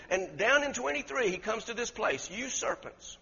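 Male preacher, husky and high-pitched, emphatic sermon delivery, lo-fi recording with long hall reverb. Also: expressive, moderate pace. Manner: emphatic, questions the congregation, rises to loud peaks.

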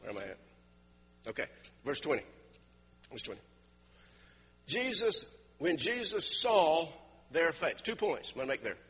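High-voiced man preaching in a reverberant church. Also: big pitch swings, unhurried, pauses often, fairly bright tone, husky, dull audio. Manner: storytelling, laughs often, repeats words. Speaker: pastor. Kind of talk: sermon.

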